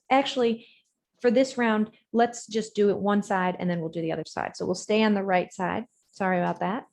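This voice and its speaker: A woman leading an online yoga and breathing class, giving calm step-by-step breath cues with pauses and gently correcting herself. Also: medium pitch, gravelly. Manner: self-correcting, gently apologetic. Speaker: yoga instructor.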